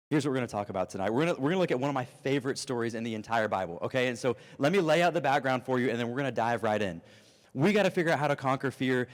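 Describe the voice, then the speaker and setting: Animated pastor in a reverberant hall. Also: male voice, medium pitch. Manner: animated storytelling, acts out voices. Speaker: youth pastor. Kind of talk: energetic youth sermon.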